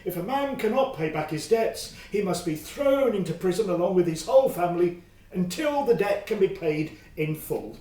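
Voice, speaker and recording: A man's voice: high-pitched, animated, moderate pace, dark tone, roomy sound, distant mic, pitched above the performer's own voice. A man doing a stiff royal secretary. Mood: formal. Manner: formal, reading out rules.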